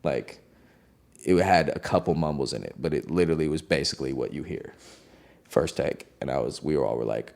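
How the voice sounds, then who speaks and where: Guy with a really deep voice chatting about making a record, casual and slangy. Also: brisk, vocal fry, darkish tone. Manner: loose, slangy, heavy on "like". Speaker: music producer guest. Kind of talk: casual storytelling.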